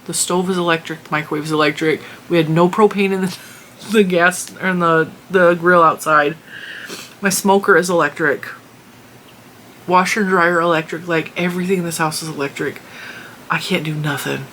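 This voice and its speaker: A middle-aged woman, a crafting channel host, telling a story in a casual, animated and exasperated way. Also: on the low side, slight background noise. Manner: animated, exasperated retelling with laughs.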